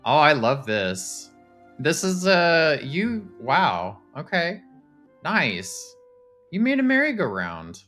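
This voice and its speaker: A man, casually chatting to his live-stream viewers while touring game houses, excitable and talkative. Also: fairly high pitch, slow, soft background music. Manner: chatty, excitable, talks to chat.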